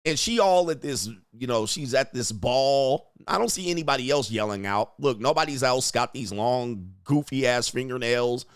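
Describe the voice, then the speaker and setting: Man, stream host, blunt mocking commentary, mid-pitched voice, dry close sound. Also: lively intonation, moderate pace, hardly any pauses, clean tone, no room sound.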